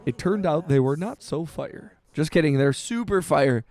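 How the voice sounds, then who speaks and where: A man streaming music production, chatting casually with his chat, halting and heartfelt, often restarting and swearing with lots of "bro" and "dude". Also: on the high side, animated. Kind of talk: casual livestream chat, reading chat messages.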